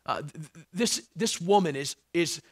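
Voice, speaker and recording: A male pastor preaching a sermon, animated, with joking asides to the congregation and swings between loud emphasis and hushed tones. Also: on the high side, a little slow, no echo, studio quality.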